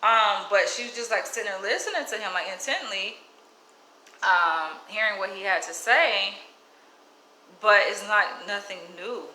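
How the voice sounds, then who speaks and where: Brief: woman vlogger, casual and outspoken storytelling, bright voice with a roomy echo. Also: unhurried, a little hiss or hum. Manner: outspoken, animated, drops into higher mimicking voices when quoting others; casual speech with light cursing. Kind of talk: casual storytelling to camera, reading live chat.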